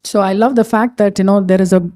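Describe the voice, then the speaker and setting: Chatty middle-aged woman, mellow voice. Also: medium pitch, steady tone, fast talker. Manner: chatty, repeats "you know what" and "right?". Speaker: pastor's wife hosting a women's gathering. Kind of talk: casual talk to a group.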